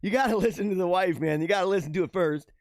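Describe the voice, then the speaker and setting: A man hosting a casual livestream show, reading out viewer comments and chatting back in an animated way on a radio-style mic. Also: quick pace, no echo, clean studio sound. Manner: animated, talks with feeling, drops pitch low for asides. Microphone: radio-style studio mic.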